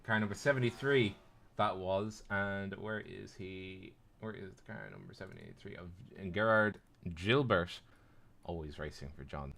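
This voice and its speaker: Low-voiced casual race commentator man. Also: normal speed, creaky, a bit bright. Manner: rambling, restarts, playful asides. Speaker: sim racing commentator.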